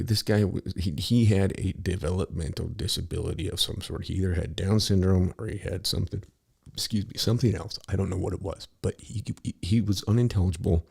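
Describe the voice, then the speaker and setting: A middle-aged man tells a long story in a loose, profane monologue. His voice is deep and dark with a husky, gravelly texture, and he keeps stopping to restart his sentences. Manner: rambling, profane, with many restarts. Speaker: podcast host.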